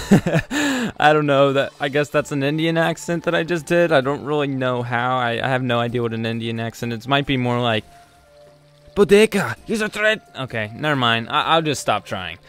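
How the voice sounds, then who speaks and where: A man's voice: medium pitch, fairly even intonation, a little fast, few pauses, a bit bright, smooth. A man hosting a let's play, talking through his game in a rambling, hesitant way with many ums and self-corrections. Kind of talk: casual gameplay commentary. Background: faint game music.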